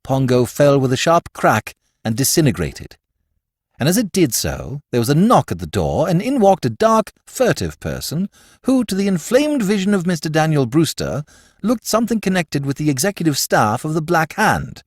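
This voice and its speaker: A man narrating a classic story as a scripted audiobook, with an expressive, varied delivery. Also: on the high side, moderate pace, no room sound, clean studio sound.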